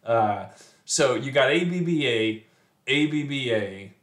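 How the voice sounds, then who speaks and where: A man reads a sonnet at an unhurried pace, then walks through it in a relaxed teaching manner. His voice sits in a middle register, and he stumbles and restarts now and then. The recording has a noticeable roomy echo. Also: mid-range voice. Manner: slow and measured, with frequent fillers and restarts. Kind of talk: poetry reading and lesson.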